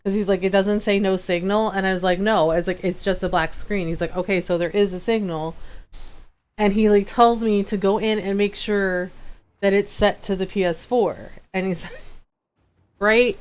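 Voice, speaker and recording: A woman streamer chatting casually while gaming, telling a story with lively quoted outbursts and frequent laughter. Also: mid-range voice, normal speed, clean tone.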